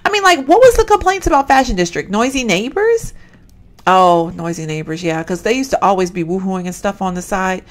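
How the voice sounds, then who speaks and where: A woman giving animated, exclaiming let's-play commentary and chatting straight to her viewers. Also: medium pitch, a little fast. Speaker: gaming channel host.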